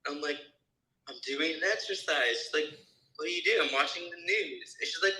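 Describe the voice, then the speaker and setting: A man's voice: fairly high pitch, normal speed, roomy sound, poor audio. A man joining a casual spiritual discussion, talking earnestly and with animation. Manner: earnest and animated, retells talks. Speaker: participant in live session.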